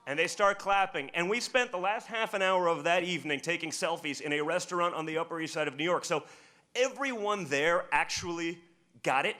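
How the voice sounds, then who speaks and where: A man's voice: fairly high pitch, fairly quick, sharp tone. A man speaking at a political press conference. He tells a long, rambling anecdote and often repeats words as he starts sentences.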